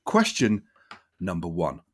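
A man's voice: low voice, wildly swooping pitch, slow pace, breathy edge. Giggly man hosting a chat podcast. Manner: laughs a lot, stumbles and restarts. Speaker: podcast host. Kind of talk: casual chat, quiz host.

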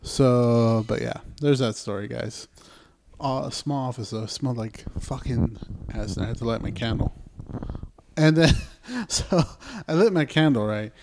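A man's voice: mid-range voice, unhurried, vocal fry, a little mellow, a little hiss or hum. A young man co-hosting a podcast, telling a story in loose, profane casual chat and acting out what he and others said. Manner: profane storyteller, acts out his own quotes. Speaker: podcast co-host.

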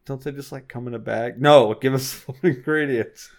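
A man's voice: mid-range voice, normal speed, vocal fry. A young man co-hosting a casual podcast chat, joking and laughing often as he tells stories. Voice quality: laughs often, jokey and playful. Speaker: podcast co-host.

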